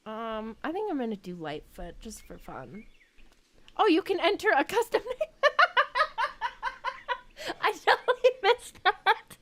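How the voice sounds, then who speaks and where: Giggly high-voiced woman streamer. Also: sing-song, unhurried, pauses often, a bit bright. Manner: chatty and giggly, thinking aloud. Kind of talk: casual game reaction stream.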